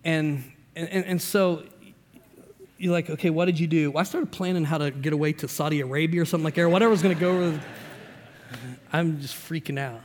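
Animated pastor telling a story in a hall. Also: male voice, fairly high pitch, fairly quick, slight background noise. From Indiana. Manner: animated storyteller, shifting loud and soft, acts out dialogue. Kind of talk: sermon with personal story.

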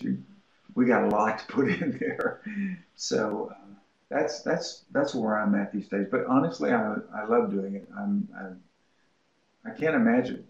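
A man's voice: fairly low pitch, normal speed. A man, a writing instructor, talking casually as an interview guest and acting out his exchanges with students as he tells stories. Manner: animated storytelling, acts out quoted exchanges with students. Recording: roomy, dull lo-fi recording.

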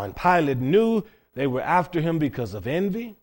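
A male preacher tells a story from the pulpit in a folksy, plain-spoken way. He swings between raised, emphatic passages and hushed ones, and his speaking voice sits a bit high for a man. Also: big pitch swings, normal speed, few pauses. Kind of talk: sermon with storytelling.

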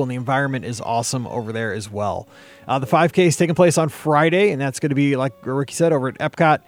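A man's voice: mid-range voice, darkish tone. A man co-hosting a podcast in casual chat, rambling with many restarts. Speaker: podcast co-host.

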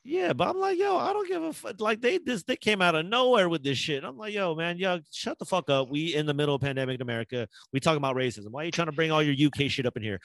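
A man's voice: fairly high pitch, fast talker, hardly any pauses, a bit bright, dry recording. A man in casual chat, ranting with heavy profanity. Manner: profane, heated rants.

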